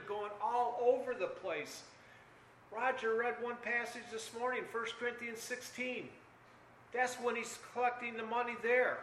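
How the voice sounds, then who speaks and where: Older preacher with a bright, high, echoing voice. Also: male voice, a little hiss or hum. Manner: earnest, swings from hushed to loud and urgent. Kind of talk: sermon.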